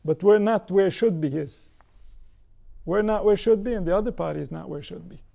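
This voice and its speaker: A man's voice: high-pitched, normal speed, creaky, dark tone. A man giving a spiritual Torah lecture, posing rhetorical questions and answering them himself. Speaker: spiritual teacher.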